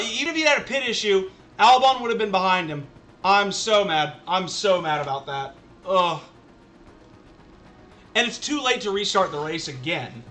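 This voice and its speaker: A man's voice: high voice, expressive, normal speed, fairly bright tone. A man streaming a racing management game, talking casually to his chat in an exasperated, ranting way and repeating himself. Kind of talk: casual live-stream commentary.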